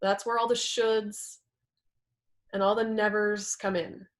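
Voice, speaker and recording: A woman's voice: medium pitch, flat delivery, takes it slowly. A woman presenting a live workshop, talking it through in a conversational way and acting out example quotes.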